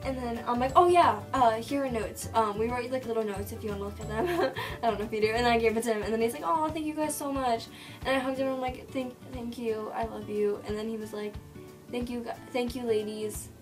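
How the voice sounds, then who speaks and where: Teen girl vlogging, gushing storytime, bit high, mic kinda far, music playing. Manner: rapid and breathless, full of "like", retelling dialogue. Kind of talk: excited storytime vlog.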